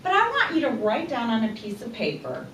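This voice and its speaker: A woman giving a talk to a small group, speaking deliberately and putting questions to her listeners. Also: fairly high pitch, huge pitch swings, a bit bright. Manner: slow, deliberate, rhetorical questions to the audience. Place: room with a small audience. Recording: echoey room from a distance, faint hum.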